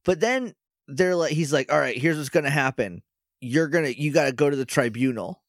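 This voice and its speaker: A man's voice: fairly high pitch, lively intonation, brisk, no room sound, clean studio sound. A man co-hosting a podcast, casually recapping a show episode and acting out characters' lines with jokes. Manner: retells scenes by acting out lines, joking. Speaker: podcast co-host.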